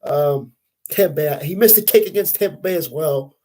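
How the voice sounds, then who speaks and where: A man's voice: fairly high pitch, normal speed, dark tone, a little hiss or hum, poor audio. A young man hosting a casual sports podcast, venting in a frustrated, profane, rambling way. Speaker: podcast host.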